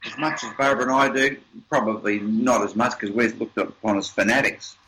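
A man's voice: mid-range voice, fairly even intonation, fairly quick, sharp tone, slight background noise, poor audio. An older man, a seminar presenter, talking as an interview guest and telling stories with emphatic, repeated points. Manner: emphatic, repeats words while building a point. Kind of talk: storytelling conversation.

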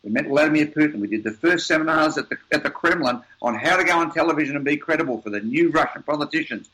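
A man's voice: a little high, fast talker, pushed and bright, low-quality recording. Older man telling emphatic stories. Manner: emphatic, repeats words while building a point. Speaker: interview guest, seminar presenter. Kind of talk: storytelling conversation.

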